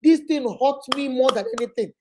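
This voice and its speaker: High-voiced Nigerian woman telling stories. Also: normal speed, slight background noise. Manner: animated, acts out quoted family members; drops Igbo words into speech. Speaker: motivational vlogger. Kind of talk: personal storytelling monologue.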